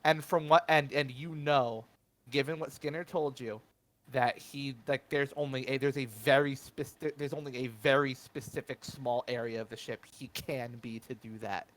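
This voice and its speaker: Man running a tabletop game, halting. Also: mid-range voice, steady tone, a bit bright. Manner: hesitant, many fillers and restarts. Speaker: game master.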